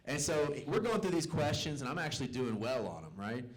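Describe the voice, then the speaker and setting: A man's voice: mid-range voice, big pitch swings, a little fast. Self-mocking Southern man doing stand-up. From American South. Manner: loose, self-mocking, acts out the people in his stories. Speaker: stand-up comedian. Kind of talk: stand-up storytelling. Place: comedy club stage.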